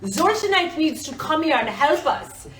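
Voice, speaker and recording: A woman's voice: high voice, very animated, measured pace, a bit bright, voice pushed up, heavily acted. A woman voicing a silly heroic male crystal knight with a put-on, vague foreign accent, in a roomy, distant recording. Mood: playful.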